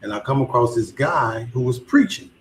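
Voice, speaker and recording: A man in a casual conversation, telling a personal story with lively energy and slipping into the voices of the people he quotes. His voice sits at an ordinary middle pitch. It carries a roomy echo, with a faint hum underneath. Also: moderate pace. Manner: animated, acts out both sides of conversations.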